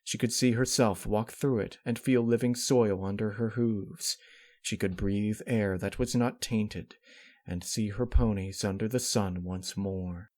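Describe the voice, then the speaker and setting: A man narrating a dark fan fiction story in a steady, somber reading voice. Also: lowish voice, measured pace.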